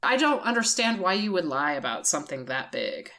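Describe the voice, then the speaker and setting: A woman's voice: lowish voice, sing-song, fairly quick, bright, forceful tone. A woman co-hosting a podcast in casual chat, blunt and indignant, swearing freely. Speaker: podcast co-host.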